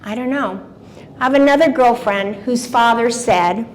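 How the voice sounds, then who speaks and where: A woman in her seventies addresses a live audience in an event room, her voice sitting a touch high for a woman. She talks in a lively, engaging way, throwing questions at the crowd and answering them herself. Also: normal speed, slight background noise. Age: 70s. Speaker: motivational speaker.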